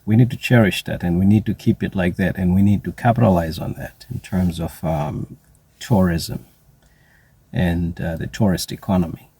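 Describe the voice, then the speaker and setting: A man giving a deliberate spoken commentary that slides into drawn-out mocking asides. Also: low voice, creaky, darkish tone, husky, no room sound. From South Africa. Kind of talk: spoken social commentary monologue.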